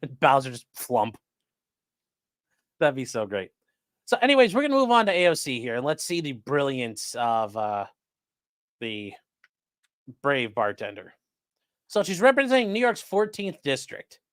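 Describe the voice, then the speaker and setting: A man's voice: medium pitch, very animated, moderate pace, long pauses, no echo, clean studio sound. A man hosting a live-streamed legal news show, giving sarcastic, rambling commentary and talking to his chat. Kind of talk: casual livestream commentary.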